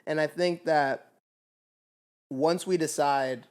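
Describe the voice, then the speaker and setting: A man's voice: on the high side, fairly even intonation, takes it slowly, clean tone. A young man co-hosting a podcast, talking earnestly and reflectively about love and pride in casual conversation. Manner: earnest, reflective, faith-based talk. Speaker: podcast co-host. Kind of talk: casual chat.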